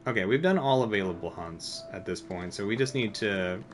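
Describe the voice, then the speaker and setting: A man with a lowish voice talks casually over his game, rambling and poking fun at himself as he answers chat. He fills his sentences with little fillers and restarts, and faint game music hums behind him. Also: lively intonation, a little fast. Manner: rambling and self-deprecating, heavy with filler words. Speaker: streamer. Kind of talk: casual gameplay commentary.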